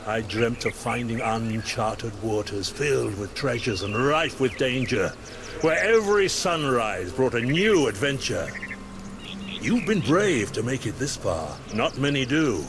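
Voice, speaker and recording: An actor playing a kindly ghostly pirate lord in a video game, guiding a newcomer in an encouraging storytelling way. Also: male voice, medium pitch, measured pace. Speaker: game character. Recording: game audio with steady noise.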